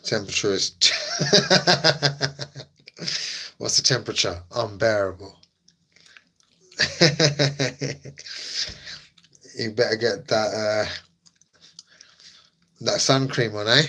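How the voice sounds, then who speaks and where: A man hosting a live stream and chatting casually with his audience. His voice has a bright, forceful edge. He teases his viewers playfully and puts on mock-dramatic outrage. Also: on the low side, steady tone, normal speed, pauses often.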